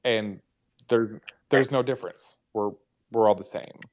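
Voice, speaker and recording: A man's voice: on the low side, measured pace, darkish tone. Sarcastic joking man in casual chat. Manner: joking, sarcastic, laughs often. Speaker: podcast co-host and writer. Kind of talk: casual discussion.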